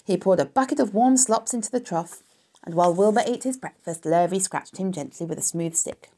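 A woman narrating a children's story in a calm, even storytelling manner. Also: on the low side, a little fast. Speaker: audiobook narrator.

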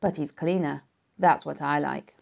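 A woman's voice: deep voice, fairly even intonation, measured pace, vocal fry, exaggerated voice. A woman voicing an adult male fairgoer in a storybook reading, making matter-of-fact remarks. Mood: approving.

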